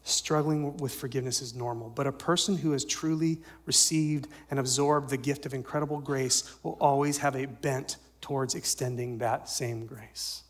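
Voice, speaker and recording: A male pastor giving a sermon, swinging from loud emphatic lines to soft near-whispers and asking the congregation questions. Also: mid-range voice, steady tone, moderate pace, hardly any pauses. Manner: asks the congregation rhetorical questions.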